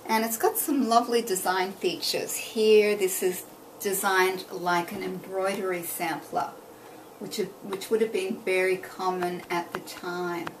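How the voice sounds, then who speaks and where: A woman reading a picture book aloud as a teacher. She reads expressively and pauses to comment on the pages. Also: mid-range voice, distant mic, a little hiss or hum, low-quality recording. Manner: expressive read-aloud, pausing to point out details.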